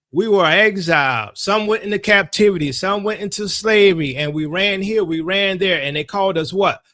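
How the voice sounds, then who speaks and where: A male Bible teacher delivers an insistent, sermon-style lesson, driving his points home by repeating phrases. His voice sits high and carries a sharp, forceful edge. The sound is dry and close, with no room around it. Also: no room sound.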